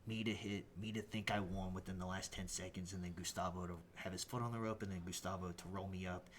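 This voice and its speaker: A man, a professional wrestler and podcast guest, telling animated backstage stories with frequent laughter. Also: sits low, fast talker, slight background noise. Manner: animated storyteller, laughs often. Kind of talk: casual storytelling interview.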